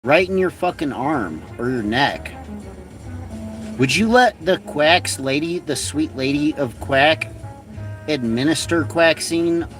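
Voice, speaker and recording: A man's voice: on the high side, expressive, slow pace, a bit bright. A man hosting a livestream, delivering a rambling, profane, mocking satirical rant. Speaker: livestream host. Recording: distant from mic, faint music.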